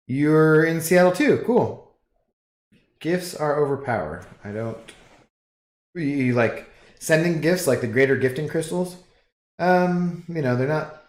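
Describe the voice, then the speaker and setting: A man hosting a livestream, chatting casually with viewers and rambling through relaxed asides while reading chat. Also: mid-range voice, reverberant.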